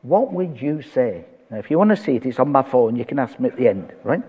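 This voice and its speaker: A man's voice: medium pitch, animated, very fast, a little mellow, husky. An older man, preaching a sermon and telling stories with quoted dialogue. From England. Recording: dull echoey hall.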